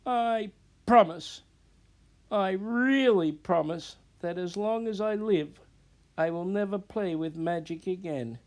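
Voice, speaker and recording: A man's voice: sits high, slow pace, darkish tone, pitched above the performer's own voice. A man reading a storybook aloud, voicing a clumsy young man disguised as a girl, pleading and wailing. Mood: tearful.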